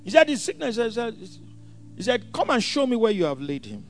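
A man preaching a sermon, swinging from hushed asides to shouted scripture quotes. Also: very high-pitched, big pitch swings, a little fast, faint music behind.

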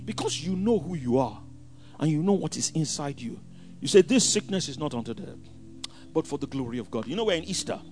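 A man preaching a sermon, swinging from hushed asides to shouted scripture quotes. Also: fairly high pitch, animated, fairly quick, faint music behind.

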